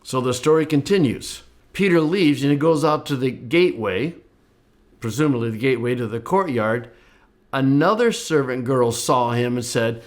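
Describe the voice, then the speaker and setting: An older man teaching a Bible lesson, explaining passages in a lively way and briefly acting out the quoted speakers. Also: moderate pace. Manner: lively, voices the quoted speakers with rising pitch. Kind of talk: explanatory lecture.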